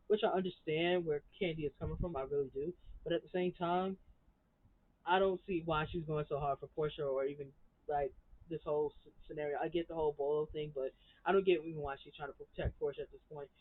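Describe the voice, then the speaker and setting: A woman's voice: low-pitched, steady tone, quick pace. A woman reviewing a reality TV episode in a heated, blunt rant full of profanity. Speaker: reality TV recap vlogger. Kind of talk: casual ranting commentary. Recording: tinny phone-like recording.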